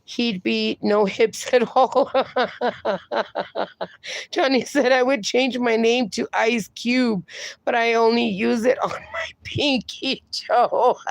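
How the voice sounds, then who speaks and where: A woman hosts a relaxed livestream outdoors, reading her viewers' comments aloud and laughing often between them. Her voice is strongly gravelly and fairly high, and she talks at an unhurried pace. The sound is close and dry. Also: no room sound. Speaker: livestream host.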